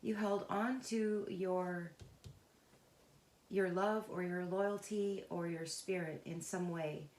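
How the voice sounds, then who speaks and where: A woman with a fairly low voice gives an unscripted tarot reading. She speaks in a halting, searching way, pausing and restarting as she feels her way through the cards, earnest and emotionally invested. The sound carries a noticeable room echo. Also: fairly even intonation, darkish tone. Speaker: tarot reader.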